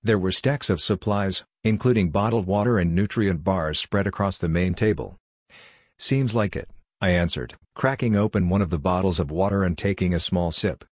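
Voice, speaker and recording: A man narrating a first-person story in a measured, steady reading style. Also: sits low, no echo, studio quality.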